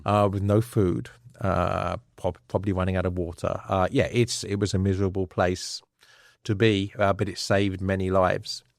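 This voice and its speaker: A man's voice: sits low, little pitch movement, normal speed, gravelly, no room sound, studio quality. An English man, an author, telling stories earnestly as a guest in a casual interview chat. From England. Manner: earnest storytelling, occasional chuckle.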